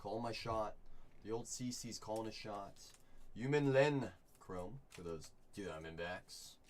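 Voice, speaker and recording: A man hosting a live card break, chatting with viewers and calling out each pull with bursts of excitement. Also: lowish voice, measured pace, slight background noise. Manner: upbeat, chatty, reads chat and calls out pulls with bursts of excitement.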